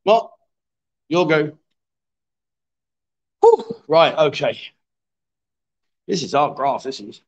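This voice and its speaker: A middle-aged man runs a live stream from a bar, coaxing the players and teasing them in a chatty, joking way. His voice sits fairly high for a man. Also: very animated, takes it slowly, pauses often, lo-fi sound. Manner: jokey, coaxing, chatty with viewers. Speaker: livestream host. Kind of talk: live-streamed pool game commentary. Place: bar with a pool table.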